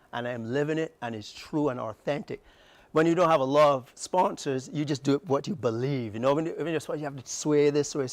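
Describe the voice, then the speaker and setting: On a morning TV interview, a middle-aged man with a Barbadian accent speaks passionately and emphatically as a guest, in fast bursts with rising outbursts. Recorded in a TV studio, his voice is a little high, with no echo.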